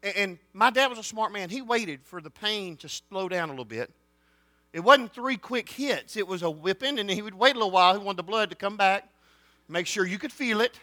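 Bright, high-pitched preaching man. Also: a little fast, no echo. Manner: animated preaching with big swings from loud declarations to quiet storytelling. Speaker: pastor. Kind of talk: sermon.

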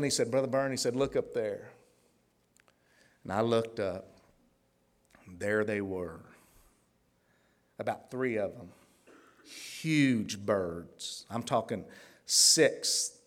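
A man from Tulsa, preaching a testimony sermon in a folksy storytelling way, laughing often and swinging between hushed and fervent. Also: lowish voice, animated, takes it slowly, pauses often. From Tulsa, Oklahoma.

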